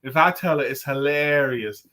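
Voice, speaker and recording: A man co-hosting a casual live-stream chat, telling dad jokes and laughing loudly at them and greeting viewers by name. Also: mid-range voice, moderate pace, a little hiss or hum. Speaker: co-host.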